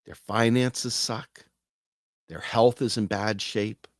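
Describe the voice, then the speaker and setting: Male host, low voice, earnest casual monologue, dry close sound. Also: fairly even intonation, takes it slowly, no echo. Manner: earnest, acts out quoted voices. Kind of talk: casual direct-to-camera talk.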